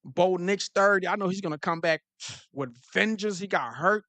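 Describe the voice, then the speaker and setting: A man's voice: sits high, moderate pace, dry recording. A man hosting a casual football talk show, riffing to his viewers in slang with lots of restarts. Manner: animated, repetitive restarts and slang. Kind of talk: casual sports commentary to live viewers.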